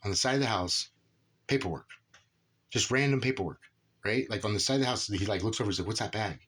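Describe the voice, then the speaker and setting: A man's voice: on the low side, fast, fairly bright tone, breathy edge. A man rambling casually through a personal story about his son, filling his talk with "right?" and "dude". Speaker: father telling a personal story.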